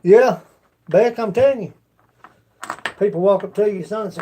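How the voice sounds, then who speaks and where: A man's voice: sits high, moderate pace, mellow, a little hiss or hum. A man with an Appalachian accent, chatting casually with his livestream viewers in a rambling, folksy way. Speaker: livestream host.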